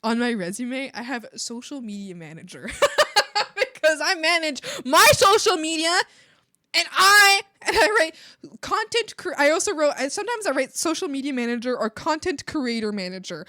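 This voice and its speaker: A woman's voice: high-pitched, animated, moderate pace, sharp tone, dry recording, clean studio sound. A young woman streaming while she draws, chatting casually, giggling often and acting out the people she quotes in exaggerated voices. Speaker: streamer and illustrator.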